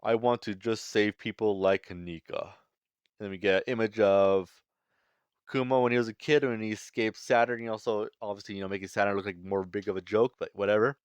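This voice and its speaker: A man's voice: fairly low pitch, steady tone, fast talker, smooth, dry recording. A man giving a casual spoken review of a manga chapter, sarcastic and critical, with lots of filler phrases.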